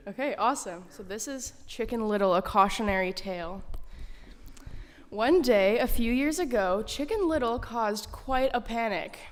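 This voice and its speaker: A woman reading a children's story aloud in a school chapel, animated and expressive. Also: a little high, normal speed. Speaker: story reader. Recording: reverberant chapel.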